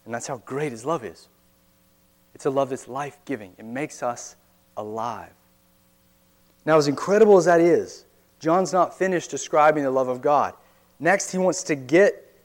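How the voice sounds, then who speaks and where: A man's voice: a little high, darkish tone. Man preaching an earnest conversational sermon. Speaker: pastor.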